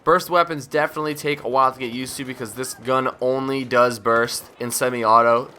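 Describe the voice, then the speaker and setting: This is a man voicing casual commentary over a gameplay video. His voice is bright and sharp, and he rambles from thought to thought. He cracks jokes at his own expense. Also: mid-range voice, steady tone, fairly quick, slight background noise. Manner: rambling, jokey, self-mocking; drowsy, yawning at times.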